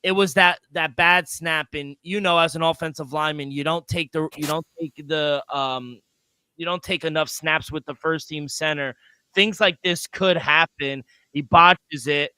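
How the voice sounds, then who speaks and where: A man co-hosting a sports betting podcast, talking casually and excitably, with loose restarts and the odd swear. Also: fairly high pitch, moderate pace, clear, resonant tone, dry recording. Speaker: podcast co-host.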